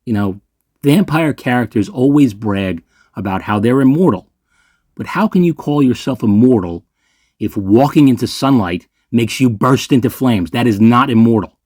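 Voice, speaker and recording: Ranking movies on his own video, this reviewer rants sarcastically and swears without holding back. He's animated at a moderate pace, his medium-pitched voice a little mellow in clean studio sound with no room sound.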